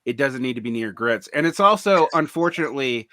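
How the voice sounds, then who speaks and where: Male podcast co-host, mid pitch, bright edge, dry sound, hesitant and wry. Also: lively intonation, brisk, no room sound. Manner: hesitant, filler-heavy, wry. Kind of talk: casual podcast chat.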